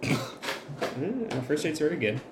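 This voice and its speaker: Male player, casual and matter-of-fact, lively pitch, echoey room with background noise. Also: takes it slowly. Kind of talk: casual tabletop play.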